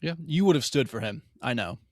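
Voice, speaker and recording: On a podcast, a male co-host walks thoughtfully through scenes of a TV episode in casual chat, hedging with fillers. His medium-pitched voice is animated and a little fast, recorded dry at studio quality.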